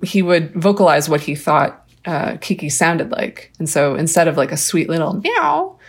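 A woman co-hosting a parenting podcast, telling stories in an animated, laughing way. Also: low-pitched, moderate pace, husky. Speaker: podcast co-host. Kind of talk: casual parenting chat.

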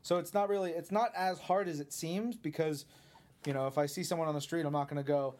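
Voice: mid-range voice, fairly even intonation, quick pace, darkish tone. A podcast host in casual chat, reading listener tweets aloud and riffing on them, laughing easily. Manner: chatty, laughs easily, riffs on questions.

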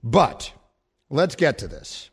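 A man's voice: medium pitch, big pitch swings, slow, slightly rough. A man hosting a sports talk radio show, teasing and incredulous as he banters with his co-hosts.

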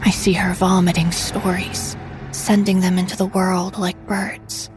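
A woman narrating a first-person horror story in a hushed voice that often drops to a whisper. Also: fairly low pitch, little pitch movement, unhurried, faint music behind, low-quality recording.

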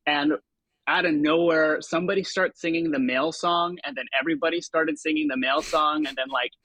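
A man's voice: a little high, fairly quick, dry recording, poor audio. A man in his thirties, a stage and TV performer, telling stories as an interview guest with many fillers and restarts. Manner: hesitant, lots of fillers and restarts, animated when quoting himself. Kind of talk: relaxed conversational storytelling.

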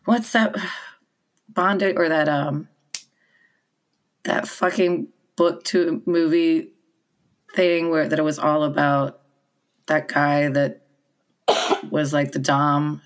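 A woman co-hosting a podcast in casual chat, with a very low voice. She talks slowly and hesitantly, trailing off as she hunts for the right word. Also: steady tone. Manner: rambling, hesitant, searching for words. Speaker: podcast co-host.

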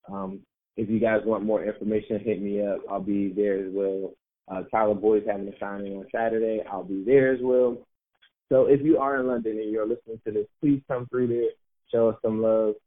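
Low-voiced man on a tinny line. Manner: chatty, laughs at himself. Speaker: podcast co-host. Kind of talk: casual sports talk. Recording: narrow phone-like sound.

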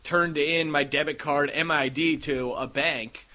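Man, podcast host, casual chat, rambling anecdotes, bright forceful voice, a bit high. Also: steady tone, measured pace. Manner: rambling storyteller, acts out quotes.

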